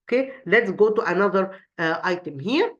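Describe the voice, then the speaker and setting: A woman teacher explains an English lesson, stopping and restarting often and posing questions only to answer them herself. Her voice sits at a middling pitch for a woman. The recording sounds dull and lo-fi. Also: animated, fairly bright tone. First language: Arabic. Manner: halting, repeats words, asks and answers her own questions.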